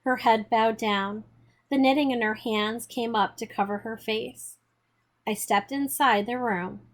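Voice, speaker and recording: A woman reading a children's novel aloud in a steady, measured storytelling manner. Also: fairly high pitch. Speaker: audiobook reader.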